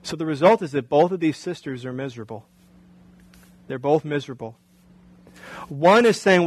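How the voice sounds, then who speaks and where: A man's voice: on the high side, animated, moderate pace, pauses often, slightly rough, no room sound, poor audio. A male pastor preaching a sermon in a conversational way, often asking the congregation rhetorical questions.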